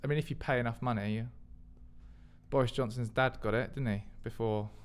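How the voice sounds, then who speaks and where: A man's voice: medium pitch, fairly even intonation, fairly quick. A man co-hosts a podcast in casual chat, teasing his partner often. He speaks in an ordinary mid-range voice. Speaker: podcast co-host.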